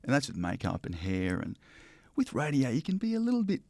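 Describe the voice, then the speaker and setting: A man's voice: mid-range voice, wildly swooping pitch, brisk, dark tone, no room sound. Chatty Australian man, dry sound. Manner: chatty, with many ums and restarts. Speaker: interview guest, broadcaster. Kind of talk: casual interview chat.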